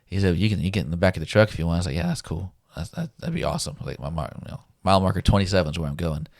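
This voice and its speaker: A man with a very low voice tells a story in a relaxed, easygoing way. He laughs often and acts out what people said to him. The sound is close and dry. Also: very fast, gravelly, no room sound. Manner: laid-back, laughs often, acts out quotes. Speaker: guest telling a survival story. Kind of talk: casual storytelling.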